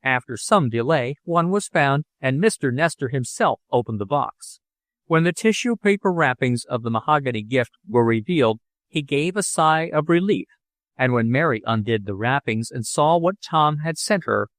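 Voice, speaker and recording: A man narrating an audiobook with expressive storytelling. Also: medium pitch, normal speed, dry recording. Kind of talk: scripted narration.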